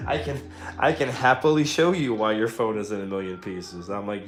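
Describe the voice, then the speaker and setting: Speaking a little slowly in a mid-range voice, a male streamer tells stories while painting in a room at home, swearing and laughing throughout. Faint guitar music plays beneath a roomy echo.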